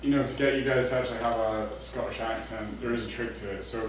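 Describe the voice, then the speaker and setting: A man in a relaxed livestream chat, joking easily. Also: fairly low pitch, quick pace. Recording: echoey room, distant mic, chatter behind.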